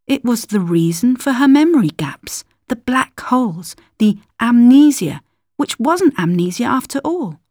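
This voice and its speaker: A woman narrating a scripted story calmly, at times dropping into whispers. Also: a little high, no echo, studio quality.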